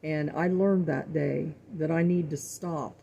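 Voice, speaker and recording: Middle-aged woman, gravelly and mellow, folksy faith talk to viewers, says things twice. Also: deep voice, steady tone, a little slow, dull audio. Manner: earnest, folksy, repeats words for emphasis. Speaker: cooking show host.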